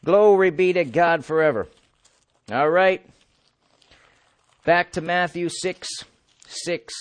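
A man's voice: high voice, takes it slowly, no room sound. A man preaching a sermon emphatically, asking his listeners questions and answering them himself, with the odd chuckle.

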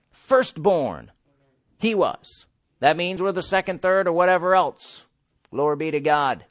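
A man's voice: high voice, a bit bright, no echo. A man preaching a sermon emphatically, asking his listeners questions and answering them himself, with the odd chuckle.

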